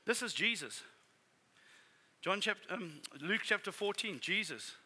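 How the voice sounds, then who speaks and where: High, bright-voiced man preaching animatedly. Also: a little slow, slightly rough. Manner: animated, exclaiming. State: out of breath at times. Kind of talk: sermon. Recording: reverberant hall.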